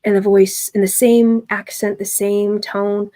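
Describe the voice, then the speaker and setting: Woman, game master, dramatic narration, steady monotone pitch. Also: measured pace, few pauses.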